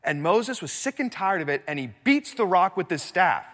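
A man preaching a sermon in a church, telling the story with animated swings between loud and hushed delivery. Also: high-pitched, normal speed, hardly any pauses, long reverb tail. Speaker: pastor.

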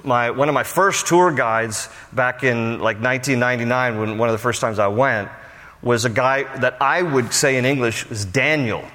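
A male pastor delivers a Bible teaching in a relaxed, conversational sermon style, weaving in personal asides. His voice sits at an ordinary middle pitch. It carries a long reverb, like a big church hall. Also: moderate pace.

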